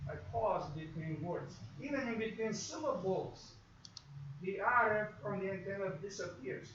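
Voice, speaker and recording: High-voiced man lecturing in an echoey room. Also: noisy background. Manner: explanatory, acts out examples in quoted asides. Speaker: radio course instructor. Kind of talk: classroom lecture. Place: classroom. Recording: echoey room, far from mic, dull.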